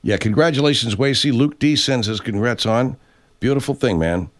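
A man's voice: medium pitch, normal speed. An older man hosting a casual live chat show from a home studio, rambling, swearing freely and reading out viewers' names and messages. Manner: rambling, profane, reads names and messages aloud. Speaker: host.

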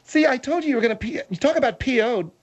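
Prim older woman, put on by a man, scolding, prudish, very high voice. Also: lively intonation, quick pace, lo-fi sound, full character voice. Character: prim, easily offended older woman panelist.

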